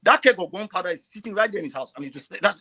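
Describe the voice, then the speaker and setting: A man calling in over a video call, talking with strong feeling and pushing his pitch up as he gets emotional. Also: expressive, very fast, pushed and bright, slightly rough. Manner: impassioned, rising to high emotional pitch, repeats himself. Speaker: caller. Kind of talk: passionate online call-in talk.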